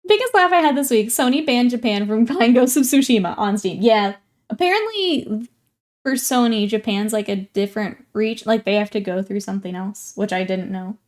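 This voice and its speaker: A woman's voice: fairly high pitch, expressive, normal speed, darkish tone. A woman in her twenties chatting casually with stream viewers while working on a hobby project, laughing often and welcoming people in. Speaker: livestreamer.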